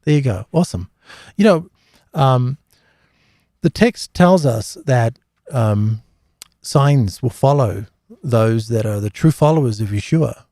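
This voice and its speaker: Gravelly man telling rambling stories. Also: mid-range voice, expressive, slow pace, warm tone, no echo, clean studio sound. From Australia. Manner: rambling, anecdotal, many fillers and restarts. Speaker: host of a live Q&A. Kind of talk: casual religious storytelling talk.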